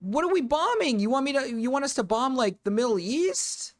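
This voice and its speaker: A woman's voice: high voice, animated, a little fast. A woman streamer giving casual reaction commentary, rambling and profane, laughing often.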